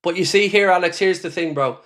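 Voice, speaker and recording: Speaking fairly quickly in a high, somewhat bright voice, an Irish fan channel host rants angrily and swears on a live football reaction stream. He also reads out comments from viewers.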